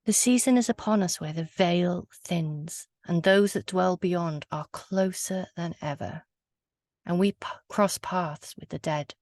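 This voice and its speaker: Low gravelly-voiced woman storyteller. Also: measured pace, dry recording. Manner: soft, hushed, lingering on words. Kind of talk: slow atmospheric storytelling. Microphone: video call.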